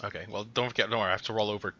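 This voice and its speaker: A man with a bright, forceful voice serves as game master, narrating the fight in a casual, chatty way. The recording sounds dull and lo-fi. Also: on the low side, steady tone, rapid-fire. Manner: casual, chatty, hums while looking up rules.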